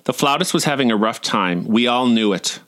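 A man's voice: mid-range voice, expressive, brisk, fairly bright tone. Wry man in his forties. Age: 40s. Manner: wry, irreverent, playfully profane. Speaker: essayist reading his own stories. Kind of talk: humorous personal essay reading.

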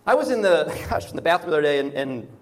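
A man's voice: on the high side, very animated, very fast. A man preaching a conversational sermon, often checking in with "right?" and repeating words as he goes. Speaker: pastor.

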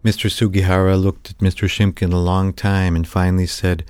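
A man's voice: low voice, little pitch movement, fairly quick, few pauses, darkish tone, clean tone, no room sound. A man, a professional storyteller, narrating a personal story vividly and slipping into the voices of the people he quotes.

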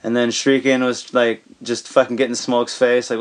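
A man's voice: mid-range voice, level tone, fairly quick, few pauses. Man, pro skater guest, casual, swears a lot, laughs often, loose filler-heavy talk. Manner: profane, laid-back, laughs often, lots of fillers. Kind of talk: casual storytelling.

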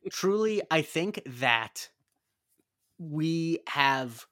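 Man on a podcast, bright forward voice, rambles and restarts, opinionated, dry close-miked sound. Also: a little high, lively intonation, very slow, no room sound. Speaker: podcast co-host. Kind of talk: casual chat.

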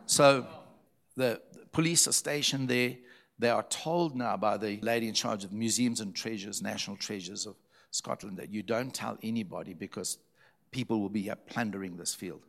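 A man's voice: fairly low pitch, moderate pace, gravelly, fairly bright tone. A man, a preacher, earnestly recounting a story as a testimony and repeating phrases for emphasis.

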